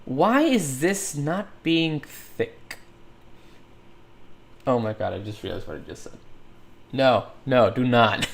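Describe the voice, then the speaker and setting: A man's voice: medium pitch, lively intonation, takes it slowly, vocal fry, long pauses, slight background noise. A man chatting casually while working on a livestream, rambling, thinking aloud and laughing often. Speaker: livestreamer modeling in 3D software.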